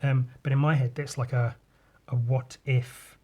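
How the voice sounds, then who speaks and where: A man's voice: mid-range voice, little pitch movement, unhurried, warm tone. A man hosting a podcast by himself, chatting casually in a rambling, sweary way with frequent restarts. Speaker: podcast host. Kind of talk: casual solo podcast chat.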